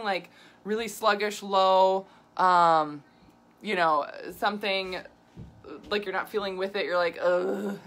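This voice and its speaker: A woman's voice: on the low side, fairly bright tone. A woman nutrition coach talking casually and animatedly, exasperated, with frequent laughs and asides. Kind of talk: casual talk to camera.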